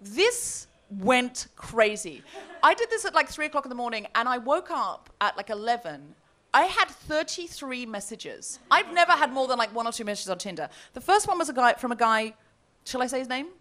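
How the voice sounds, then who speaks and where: A woman's voice: fairly high pitch, sing-song, normal speed, fairly bright tone. A woman co-hosting a live comedy podcast, telling a story with laughter and quoting messages in put-on voices. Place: live comedy festival show.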